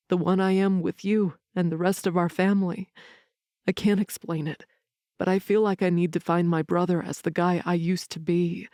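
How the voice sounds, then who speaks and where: A woman reading an audiobook, voicing a quiet, earnest young man who talks softly and low. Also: no room sound, clean studio sound, close to an everyday voice. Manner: soft, low and hushed. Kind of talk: audiobook character voice.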